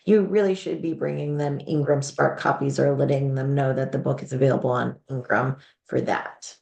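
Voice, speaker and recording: A woman's voice: extremely low pitch, steady tone, normal speed, creaky, darkish tone, echoey room. A woman hosting a live advice show, talking frankly and upbeat, thinking aloud and restarting her sentences as she goes. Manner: frank, upbeat, talks through ideas with restarts. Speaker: host giving publishing advice.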